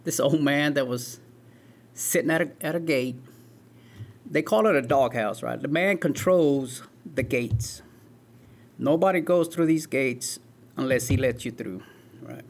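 Gravelly man in his forties telling his story. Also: mid-range voice, a little slow, long pauses. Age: 40s. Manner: earnest, storytelling with filler "man" and "right". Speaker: interview guest.

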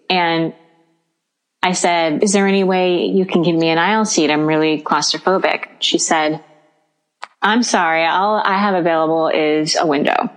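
A woman co-hosting a podcast, telling a story in casual chat, acting out the people in it and laughing often. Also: on the low side. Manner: animated storyteller, acts out quoted dialogue, laughs often. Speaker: podcast co-host.

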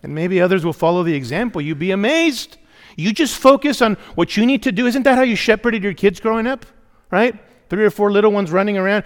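A middle-aged male pastor preaches a sermon in a church sanctuary, speaking emphatically and often calling on the congregation to respond. His voice is high with lively intonation and a fairly quick pace, and the recording carries a long hall reverb.

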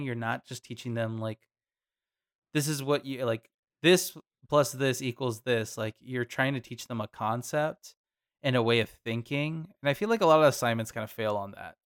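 A man hosts a podcast in a relaxed, chatty way. His voice sits at a middle pitch, and he talks animatedly with quick asides. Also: smooth. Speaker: podcast co-host. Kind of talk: casual chat.

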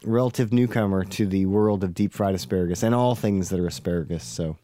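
Low-voiced, mellow man chatting. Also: a little fast, no room sound. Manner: easygoing, many ums and restarts. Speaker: podcast co-host. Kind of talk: casual chat.

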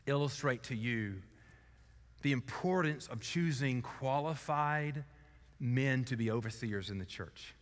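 A pastor delivering a sermon, telling a story earnestly and building to loud, emphatic peaks before dropping to quiet conclusions. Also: male voice, medium pitch, unhurried, big-room sound.

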